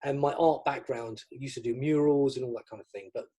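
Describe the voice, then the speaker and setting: A man's voice: medium pitch, steady tone, brisk, warm tone. A middle-aged man from the UK, a magician guest in an interview, chatting casually and acting out the dialogue in his stories. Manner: chatty, acts out quoted dialogue.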